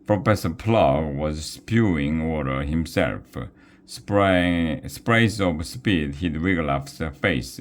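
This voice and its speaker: A man reading a children's novel aloud, slow and careful, with small restarts. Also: a bass voice, animated, a little hiss or hum. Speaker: reader.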